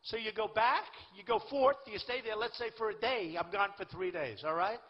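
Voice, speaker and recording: A man's voice: sits high, moderate pace, husky. A man in his sixties giving a rambling, boastful campaign rally speech in a large venue. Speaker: political candidate. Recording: lo-fi echoey hall recording.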